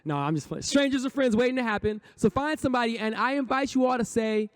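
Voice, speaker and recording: A high-pitched man speaks from a conference stage, a poet and rapper. He gives a motivational talk in rhythmic bursts. He leads the audience through repeated affirmations in call-and-response. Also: expressive, fast, hardly any pauses.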